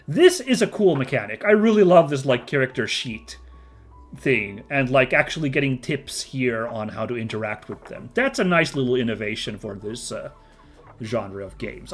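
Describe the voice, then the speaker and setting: Chatty man commentating on a game. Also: medium pitch. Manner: chatty, laughs often, reads game text aloud. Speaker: gaming video host.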